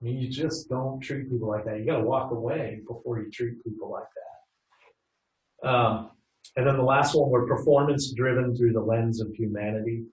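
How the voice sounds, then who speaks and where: A man's voice: medium pitch, steady tone, moderate pace. A middle-aged man leading a customer service workshop, chatting with the audience and asking them questions. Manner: conversational, asks the audience questions. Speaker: workshop leader. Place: training room. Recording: roomy echo from a distant mic.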